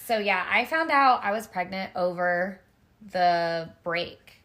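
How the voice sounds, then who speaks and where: This is a chatty woman co-hosting a casual podcast chat. She tells her story in a lively way and acts out the lines of the people in it. Her talk is full of "like" fillers, and her voice sits at an ordinary pitch. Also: slow. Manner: lively storyteller who acts out quotes from others. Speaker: podcast co-host.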